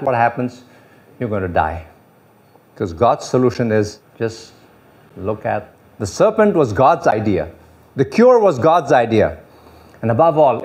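A man preaching a sermon as pastor, animated and repetitive, often chuckling and acting out the voices of others. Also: medium pitch. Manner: repeats phrases and uses you know as filler.

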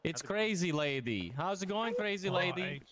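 A man's voice: high voice, animated, moderate pace, a crowd in the background. A man voicing an irritable, suspicious character in an improvised game roleplay who keeps insisting everything is fine.

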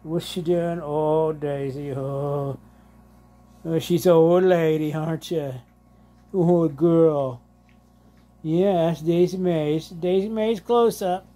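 Man filming at home on a handheld camera, unhurried, fond baby talk to his dogs. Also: a little high, fairly even intonation, warm tone. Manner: slow, drawling, doting, laughs often. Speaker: vlogger showing his dogs. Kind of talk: casual home vlog, talking to pets. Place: home living room.

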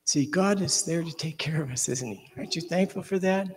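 A man's voice: a little high, fairly quick, few pauses, slight background noise. Man telling a children's story in a church hall. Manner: animated storytelling with hushed, suspenseful asides. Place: church sanctuary.

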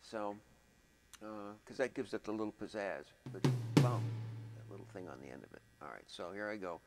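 A man's voice: fairly low pitch, expressive, a little fast, poor audio. A man teaching music production in a casual, thinking-aloud way, humming out drum rhythms as he goes. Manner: thinks aloud, chatty, vocalizes drum patterns.

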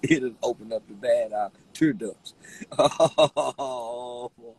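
A man rambling to the camera while high, giggling through his words, teary-eyed from laughing, with a loose, slangy way of talking. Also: takes it slowly, a little mellow, slightly rough, poor audio. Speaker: vlogger. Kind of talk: rambling stoned chat to camera.

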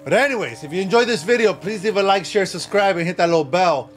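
A man playing a horror game on his channel, talking to himself and yelping with excitement. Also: high voice, quick pace, soft background music. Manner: excitable, yelps and laughs, talks to himself.

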